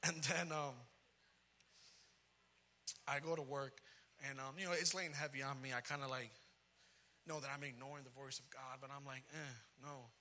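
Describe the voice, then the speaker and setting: A man in his thirties preaching a comic personal story, animated and dropping in Spanish phrases. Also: medium pitch, moderate pace, pauses often, a little hiss or hum. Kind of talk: storytelling sermon.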